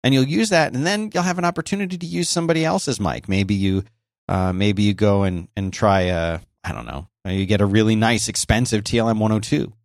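A man talks through his podcast in a relaxed, explanatory way, often restarting his sentences. His voice sits on the low side. The sound is close and completely dry, with no room around it. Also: fairly quick, no room sound. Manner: conversational, explanatory, frequent restarts. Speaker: podcast host. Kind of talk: casual solo podcast talk about microphones. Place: home office by a busy highway. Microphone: close dynamic microphone with noise gate.

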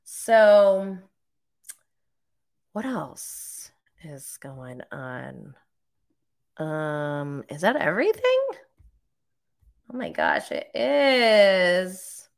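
A woman hosting a casual live recap stream, chatting with lots of fillers and jumping up in pitch when she quotes herself. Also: extremely slow, creaky, pauses often. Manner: animated, jumps high when quoting herself. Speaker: live show host recapping reality TV.

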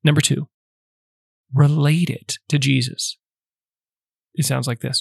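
A man hosting a podcast, calmly teaching prayer in numbered steps with a casual, conversational manner. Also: medium pitch, slow, gravelly, husky, no echo, clean studio sound. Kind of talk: casual instructional talk.

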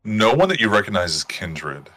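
A man running a tabletop game as game master, calmly setting each scene. His voice is low yet bright, and the sound is dry and close. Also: normal speed, no echo.

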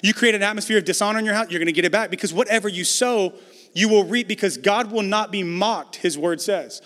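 A man's voice: high-pitched, quick pace, fairly bright tone, long reverb tail. A man preaching a conversational sermon as pastor, building emphasis through repetition.

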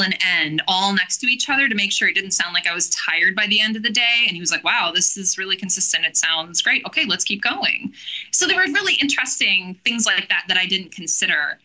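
This woman has a strikingly bright, sharp voice. She talks in a lively, chatty way as a podcast guest. She restarts her sentences often and scatters "like" through her talk. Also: medium pitch, rough recording. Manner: animated, chatty, many "like"s and restarts. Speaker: author and teacher, interview guest. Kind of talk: casual podcast interview.

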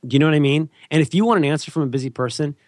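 A man's voice: fairly high pitch, rapid-fire, no room sound. Dry-voiced man joking on a podcast. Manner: rambling, joking, with mock voices and restarts. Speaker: podcast co-host. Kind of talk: casual chat.

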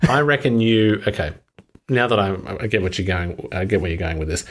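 Aussie bloke with a lowish voice, dry wry commentary, takes his time. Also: lively intonation. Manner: measured, wry, musing aloud. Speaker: co-host. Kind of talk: casual podcast chat.

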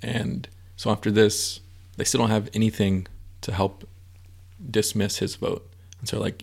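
A man's voice: on the low side, level tone, a little slow, vocal fry, darkish tone. A man co-hosting a podcast, casually retelling a film's scenes and acting out characters' lines as he goes. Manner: acts out film characters' lines while retelling. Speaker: podcast co-host. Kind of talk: casual chat retelling a film.

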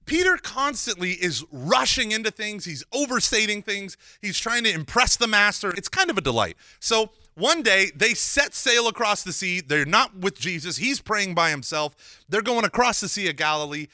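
A man giving a lively Catholic teaching talk, mixing casual slang with scripture and acting out the dialogue he retells. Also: high voice, moderate pace, no echo, clean studio sound. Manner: animated, acts out quoted dialogue.

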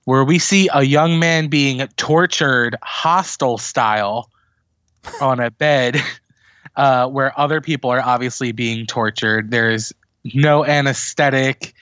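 A man hosting a podcast, chatting casually and recapping a TV episode with lively storytelling. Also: mid-range voice, dry recording, highs cut off. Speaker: podcast host doing recaps.

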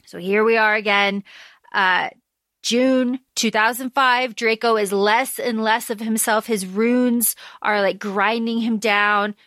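A woman with a fairly high voice recaps a story as a podcast co-host. She tells it animatedly, slipping into the lines as she goes. The recording is dry and close. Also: slow pace, dry recording. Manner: animated retelling, acts out lines in passing. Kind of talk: casual chat recapping a story.

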